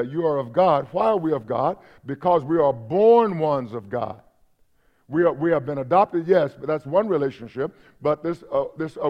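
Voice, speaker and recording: A man's voice: on the high side, dull audio. A man preaching a sermon in a conversational way, repeating himself and checking in with the congregation. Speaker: pastor.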